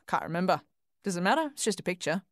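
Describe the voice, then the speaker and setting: A woman voicing a taciturn, blunt farmer man who mutters his words gruffly. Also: high-pitched, big pitch swings, fast, a bit bright, dry recording, clean studio sound, heavily acted. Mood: dismissive. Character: taciturn blunt middle-aged male farmer.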